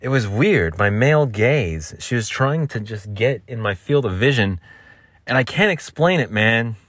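A man's voice: mid-range voice, lively intonation, unhurried, a bit bright, no echo. A young man hosting his own solo podcast, rambling through a grocery story and teasing himself as he goes. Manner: joking, self-teasing, meandering. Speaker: podcast host.

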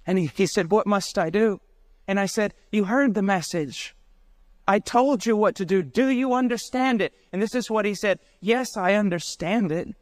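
Middle-aged preacher guy, high voice, fired-up sermon storytelling, dry close sound. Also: moderate pace, no echo. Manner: impassioned storytelling, rising to emotional peaks.

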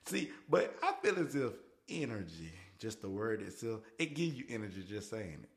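A man's voice: lowish voice, normal speed. Playful man hosting, echoey room. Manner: playful, animated, joking. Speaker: podcast host. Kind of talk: casual chat. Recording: echoey room with faint noise.

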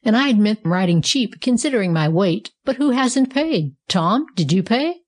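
A woman reading a storybook aloud, voicing a big, forceful male hippopotamus who takes charge. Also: a little high, expressive, normal speed. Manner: forceful, roaring.

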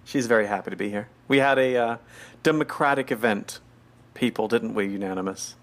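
A man's voice: fairly low pitch, a little fast, a little hiss or hum. A man co-hosting a podcast in casual chat, playful and giggly, with lots of asides and fillers. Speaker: podcast co-host.

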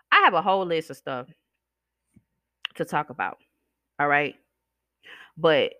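A woman's voice: lowish voice, bright, forceful tone, no room sound, studio quality. A woman hosting a podcast, ranting bluntly and sassily while chewing gum, her words slightly slurred. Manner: blunt, sassy, preachy. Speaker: podcast host. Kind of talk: ranting monologue.

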